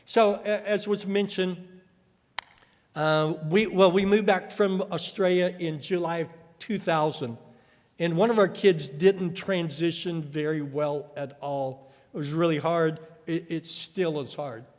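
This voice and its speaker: A man's voice: fairly high pitch, steady tone, a little slow. A man preaching a sermon, telling stories and acting out the voices of people he quotes. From United States. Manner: storytelling, acts out quoted voices. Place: church hall. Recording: echoey church hall.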